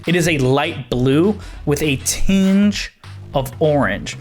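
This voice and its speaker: A man running a tabletop game as game master, narrating in a rambling way, with many pauses and laughs. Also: on the high side, expressive, a little mellow, soft background music. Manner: rambling, hesitant, laughs often.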